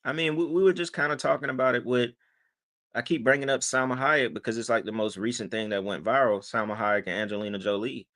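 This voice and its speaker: A man's voice: medium pitch, fast talker, fairly bright tone. A man hosting his channel, speaking, casually reacting to a clip and talking straight to viewers with lots of fillers. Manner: conversational, addresses viewers, filler-heavy. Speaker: channel host.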